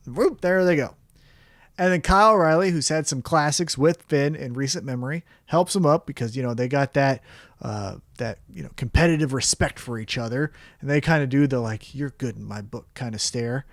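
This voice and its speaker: Podcast co-host, man, fairly high voice, salty and animated, dry close mic. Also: brisk, no room sound. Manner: profane, animated, acts out quotes in raised voice. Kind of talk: casual wrestling review chat.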